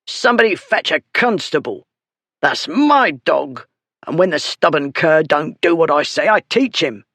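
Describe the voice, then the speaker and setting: A narrator putting on a shouting drunken brute. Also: male voice, fairly high pitch, sing-song, unhurried, dry recording, heavily acted. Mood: angry shouting. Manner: shouting, coarse dialect grammar. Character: drunken brutish male dog owner, blustering. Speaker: story character.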